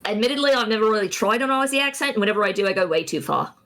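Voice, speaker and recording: Halting, giggly woman streamer. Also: medium pitch, animated, fairly bright tone. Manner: rambling, halting, lots of restarts and giggles. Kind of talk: casual stream chat.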